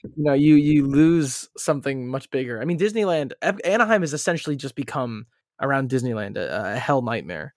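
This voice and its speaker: A man's voice: mid-range voice, expressive, brisk, a little mellow, no echo, studio quality. Blunt man co-hosting a podcast. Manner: blunt, joking reactions. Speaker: podcast co-host. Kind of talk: casual podcast chat.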